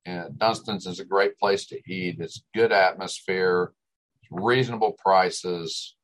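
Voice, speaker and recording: A man hosts a casual talk show, ribbing his friends and spinning folksy stories. His voice sits a little low, and he talks in an easygoing, teasing way. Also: takes it slowly, a bit bright, poor audio. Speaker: radio show host.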